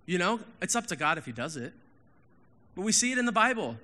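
A man in his thirties preaching a casual sermon as a pastor, candid and animated, going from loud emphasis to hushed asides. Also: high-pitched, fairly quick, big-room sound.

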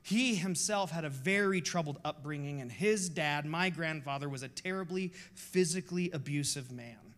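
A man's voice: a little high, normal speed, few pauses, a bit bright. A pastor in his forties preaching a sermon in a passionate, confessional, emphatic way.

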